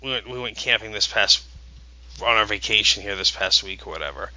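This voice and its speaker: A man's voice: fairly low pitch, a little fast, pushed and bright, muffled recording. A man in his thirties, a podcast co-host, telling a rambling, eager story with many restarts. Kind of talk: casual podcast chat.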